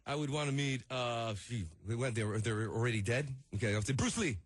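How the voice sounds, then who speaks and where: Laid-back husky male guest rambling. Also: mid-range voice, fast talker, no echo. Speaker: studio guest. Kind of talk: casual interview answers.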